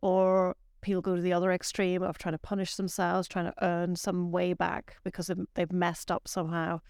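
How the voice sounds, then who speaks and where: A woman co-hosting a faith study series, speaking in a measured way and prompting her co-host with questions. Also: on the low side, monotone, a little mellow, clear, resonant tone, no echo, studio quality. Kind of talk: casual faith discussion.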